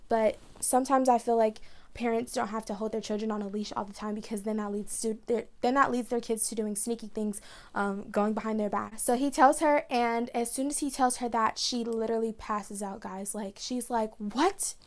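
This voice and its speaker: A young woman talks straight to her viewers in a storytime vlog. Her voice sits a little high, and she talks fast and emotionally, with "like" all through her sentences. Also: fairly even intonation. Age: young adult. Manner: chatty, emotional, fast retelling with many "like"s. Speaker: vlogger.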